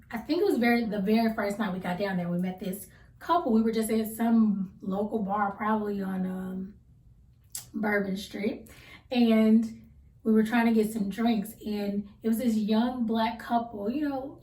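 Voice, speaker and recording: A woman in her thirties chatting casually to camera, telling a rambling story with relaxed slang. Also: mid-range voice. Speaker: vlogger. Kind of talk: casual get-to-know-me chat. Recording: roomy sound from a distance.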